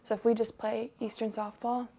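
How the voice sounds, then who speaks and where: Young female athlete interviewee, gravelly and a touch high, easygoing with short replies. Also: normal speed. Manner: relaxed, laughs often, short answers. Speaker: college softball player. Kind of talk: casual interview answers.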